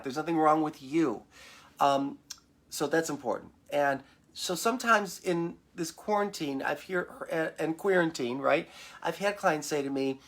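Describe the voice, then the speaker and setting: A man from Michigan, a therapist hosting a casual live talk and animatedly acting out his clients' voices. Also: moderate pace. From Michigan, United States. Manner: animated, acts out client voices in a higher pitch. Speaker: therapist and show host. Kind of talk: casual live-stream talk answering viewer questions. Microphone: webcam or computer mic at home.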